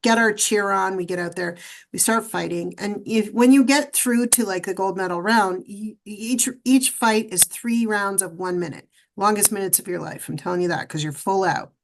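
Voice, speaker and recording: A middle-aged woman, a podcast guest, telling her story in an animated, emphatic way. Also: mid-range voice, normal speed, creaky, a little hiss or hum. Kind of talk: storytelling interview.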